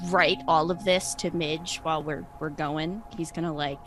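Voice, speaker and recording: A woman with a lower voice talks as a player in a tabletop game. She chats casually and thinks out loud as she goes. Music plays clearly behind her. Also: steady tone, normal speed, low-quality recording. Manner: chatty, thinking aloud.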